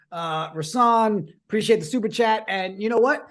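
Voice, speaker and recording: A woman hosting a casual sports fan show, upbeat and teasing, often talking in quick bursts. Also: medium pitch, steady tone. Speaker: host. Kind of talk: casual sports podcast chat.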